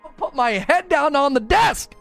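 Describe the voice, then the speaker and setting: A man with a high voice hosts a casual live stream. His pitch swings widely as he argues, and he laughs often. Faint music plays behind him. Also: normal speed, vocal fry. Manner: animated, argumentative, laughs often. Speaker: livestream host.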